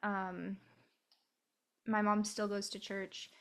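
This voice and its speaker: A woman with a Midwestern American accent co-hosting a podcast, chatting casually with frequent "um" pauses. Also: mid-range voice, little pitch movement, fairly bright tone. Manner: easygoing, pauses with "um". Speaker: podcast co-host. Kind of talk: casual chat about a film.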